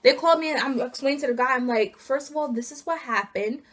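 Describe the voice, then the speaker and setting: A young woman vlogger telling an indignant, animated story about being fired, acting out each side of the conversation. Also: high-pitched, quick pace. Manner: indignant, animated retelling with acted quotes. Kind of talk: casual storytime rant.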